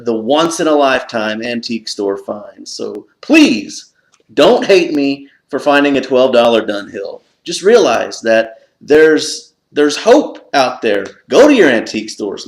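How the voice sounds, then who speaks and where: A man vlogging about a lucky find, telling the story with lots of excitement and leaping up in pitch when he relives his panic. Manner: excitable, jumps up high when retelling his own panic. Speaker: pipe collector vlogger. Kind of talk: animated storytelling to camera. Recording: echoey room.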